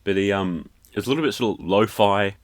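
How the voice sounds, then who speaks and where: Man, Australian accent, very low pitch, young adult, laid-back podcast chat, album reviewer. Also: brisk. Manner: relaxed and conversational, with fillers like "um" and "sort of".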